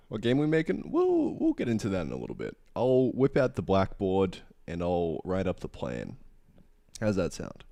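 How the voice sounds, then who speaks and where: A man's voice: on the low side, huge pitch swings, measured pace, long pauses, mellow, no room sound. A man with an Australian accent, casually chatting with viewers on a livestream while getting over a cold. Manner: laid-back, chatty, greeting chat by name. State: tail end of a cold. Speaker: streamer.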